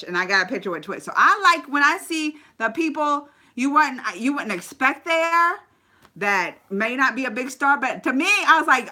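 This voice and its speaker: A woman's voice: high voice, normal speed. A woman vlogger telling stories in a casual live stream and chatting with viewers by name. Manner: animated storyteller, chats with live viewers by name.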